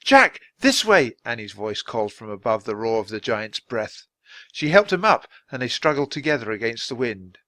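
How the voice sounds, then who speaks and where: A man reads a children's chapter book aloud for English learners, with clear, expressive delivery. His voice sits at an ordinary middle pitch. The recording is dry and close. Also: moderate pace, no echo. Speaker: storyteller.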